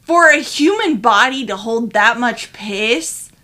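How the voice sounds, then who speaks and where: A woman co-hosting a casual podcast, telling a story in an animated way and swearing freely. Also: fairly high pitch, slow pace. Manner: animated, swears freely, loud when retelling. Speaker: podcast co-host.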